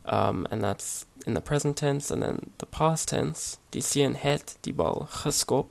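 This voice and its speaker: A man explaining grammar over his slides in a relaxed, hesitant way, with many fillers and restarts. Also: mid-range voice, unhurried, vocal fry. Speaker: language teacher. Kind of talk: casual slide-based language lesson.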